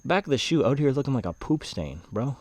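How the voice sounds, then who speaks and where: A man's voice: mid-range voice, big pitch swings, fast talker, darkish tone, no echo. A man giving a casual running shoe review, laid-back and slangy, with joking asides.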